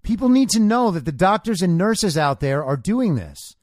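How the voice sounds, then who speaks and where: Combative man with a lively, high-pitched voice. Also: normal speed, no room sound, studio quality. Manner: combative, sarcastic, lecturing. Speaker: podcast host. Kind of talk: political commentary monologue.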